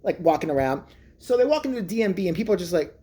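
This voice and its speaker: Vlogger, profane comedic rant, crude and mocking, lively pitch. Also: racing.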